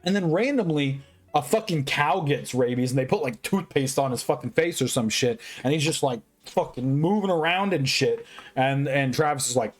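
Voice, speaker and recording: A man's voice: mid-range voice, expressive, normal speed. A drunk man giving a casual movie review, rambling and profane, full of restarts.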